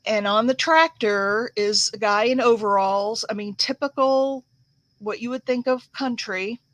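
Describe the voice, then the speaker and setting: A woman's voice: fairly high pitch, a little slow, a bit bright, no echo. A woman from the United States hosting a crafting livestream, telling a rambling story in a casual, chatty way with many fillers while she works.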